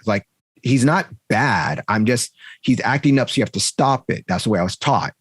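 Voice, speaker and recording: Man, husky, rambling anecdotes, casual podcast, dry close sound. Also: medium pitch, animated, brisk, dry recording. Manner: rambling, anecdotal, self-correcting. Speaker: podcast co-host, martial arts instructor. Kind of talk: casual chat, storytelling.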